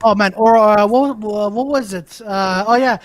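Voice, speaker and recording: A man's voice: high voice, normal speed, noisy background. A man chatting on a comedy podcast, rambling and searching for words as he goes. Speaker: podcast guest or co-host. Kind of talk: casual comedy podcast chat.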